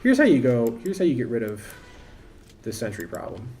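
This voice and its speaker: A man's voice: mid-range voice, wildly swooping pitch, fairly quick, a little mellow. Rambling man streaming a game. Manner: rambling, thinking aloud, self-interrupting. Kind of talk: casual live-stream commentary.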